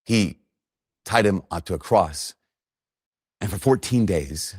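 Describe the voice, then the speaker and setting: Male preacher with a very low voice and dry close sound, earnest storyteller who builds emphasis. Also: expressive, slow pace, a little mellow, slightly rough, no echo. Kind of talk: sermon.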